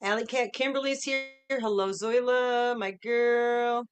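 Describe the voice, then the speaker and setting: A woman's voice: on the high side, steady tone, a little slow, clean tone, soft background music. A middle-aged woman hosting a casual livestream from home, chatting upbeat and greeting viewers by name one after another. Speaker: livestream host.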